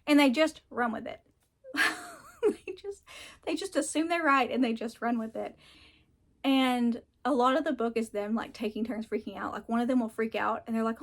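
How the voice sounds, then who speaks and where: Woman, book reviewer, casual chat, frank, ranting, swears, laughs a lot, higher voice. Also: brisk. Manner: animated, mocks characters in put-on voices.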